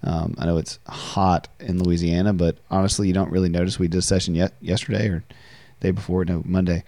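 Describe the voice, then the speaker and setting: A man's voice: sits low, little pitch movement, a little fast, mellow, dry recording. A man hosting a podcast, talking in a reflective, conversational way and often repeating words as he speaks. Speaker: podcast host and counselor. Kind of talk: casual conversational podcast talk.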